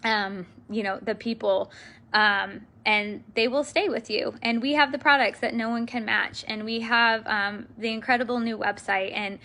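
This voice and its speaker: A woman's voice: on the high side, fairly even intonation, moderate pace, bright, forceful tone. A woman giving an earnest, emotional live video address to her sales team, with many fillers.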